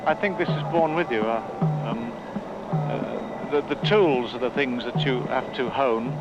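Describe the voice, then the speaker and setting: A man's voice: mid-range voice, a little slow. A man, a writer, answering interview questions with dry, self-mocking humour. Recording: lo-fi with music behind.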